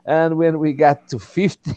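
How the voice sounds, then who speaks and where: A man from Portugal, hosting a casual chat and speaking haltingly, often repeating words. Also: a little high, warm tone, no room sound, muffled recording.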